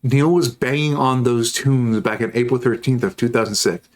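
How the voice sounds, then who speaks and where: A man's voice: mid-range voice, normal speed, a little mellow. A male streamer talking casually while he assembles models on stream. He rambles, makes jokes and stops to answer messages from his chat.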